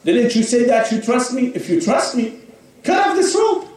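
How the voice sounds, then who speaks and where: A man's voice: a little high, very animated, measured pace, darkish tone. A man voicing God as a stern, testing male figure in a told sermon story, speaking insistently. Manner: challenging, insistent questioning. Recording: echoey hall, speaker far from mic.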